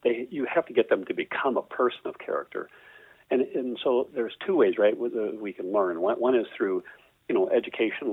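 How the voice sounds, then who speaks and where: A man's voice: lowish voice, slightly rough, no echo. A man, a father and podcast guest, earnestly explaining with frequent "right?" tags. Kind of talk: casual interview answer. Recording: tinny phone-like call line.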